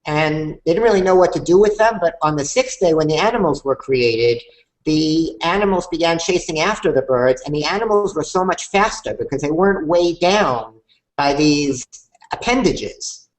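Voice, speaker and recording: A man hosting a conversation, speaking in a measured, thoughtful way with some hesitation. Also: a little high, animated, low-quality recording. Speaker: host, conversation moderator. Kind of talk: reflective conversation.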